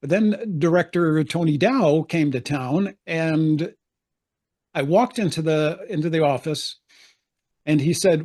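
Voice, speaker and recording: Older man, actor guest, chatty anecdotes, slightly high voice, laughs often, remote interview. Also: measured pace, a little mellow.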